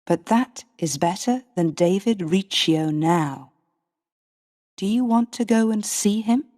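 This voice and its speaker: A woman's voice: medium pitch, animated, slow, dark tone. A woman voicing a mocking, jealous young husband in a storybook reading. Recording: long reverb.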